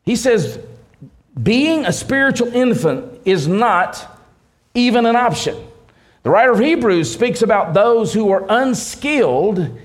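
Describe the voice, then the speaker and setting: A man preaching a sermon, leaning on key words slowly and restarting phrases as he explains. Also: sits high, sing-song. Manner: preaching with slow emphatic stresses and restarts. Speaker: pastor.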